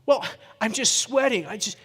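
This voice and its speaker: A man voicing a frightened woman in her forties who speaks slowly and haltingly, as if pleading. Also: high voice, lively intonation, a bit bright, breathy edge, long reverb tail, pitched above the performer's own voice, full character voice. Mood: bewildered.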